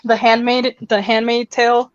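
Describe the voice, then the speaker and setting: Brief: a chatty woman telling stories on stream, slightly high voice, rambling delivery, muffled chat audio. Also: little pitch movement, moderate pace. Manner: rambling, lots of fillers and laughter. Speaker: stream participant. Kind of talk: casual chat.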